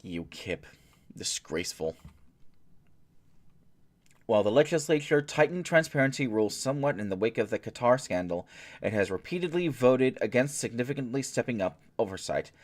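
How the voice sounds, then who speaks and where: A man with a plain mid-pitched voice works through news articles on his own stream. He reads in an unhurried, halting way with plenty of fillers, then stops for deadpan, sarcastic asides. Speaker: streamer and host. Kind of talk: reading and commenting on news.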